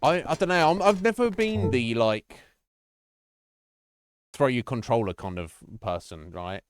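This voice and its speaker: A man's voice: mid-range voice, expressive, measured pace, smooth, no room sound, soft background music. A man streaming a horror game, chatting casually, rambling and swearing often as he laughs at himself. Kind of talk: casual live gameplay chat.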